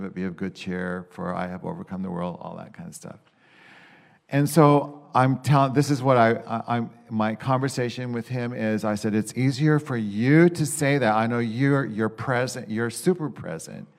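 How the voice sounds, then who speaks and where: A man's voice: on the low side, gravelly. Candid, rambling man talking about prayer. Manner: rambling and candid, full of restarts, swings between exasperated and quiet. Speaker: Christian speaker sharing a personal reflection. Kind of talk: casual spoken reflection.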